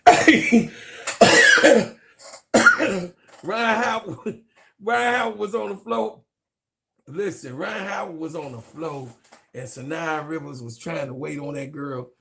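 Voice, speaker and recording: A man giving loud, profane, joking sports commentary, laughing and calling out to his viewers. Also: a little high, slow, gravelly, long pauses. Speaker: sports vlogger. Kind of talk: casual comedic sports commentary.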